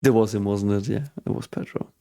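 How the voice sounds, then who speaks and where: A man hosting a reaction video, talking casually and excitedly, swearing often and thinking aloud. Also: fairly low pitch, a little fast.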